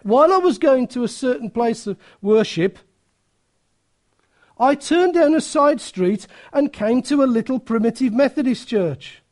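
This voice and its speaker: A woman's voice: on the high side, expressive, unhurried, darkish tone. Woman preacher reading a story aloud. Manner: storytelling, breaking off for asides to listeners.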